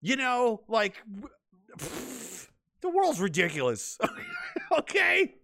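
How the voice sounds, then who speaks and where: A man's voice: high-pitched, wildly swooping pitch, slow pace, creaky, fairly bright tone, no room sound. A man hosting a podcast, ranting casually with sarcastic, profane humor and mock-dramatic narration. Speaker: podcast host. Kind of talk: casual livestream rant.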